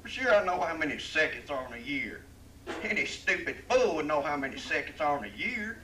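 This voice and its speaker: Guy doing a loud ornery old texan cowboy, high pitched, distant mic. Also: lively intonation, a little fast, reverberant. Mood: blustering. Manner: loud, blustering drawl. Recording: distant camcorder, faint room noise.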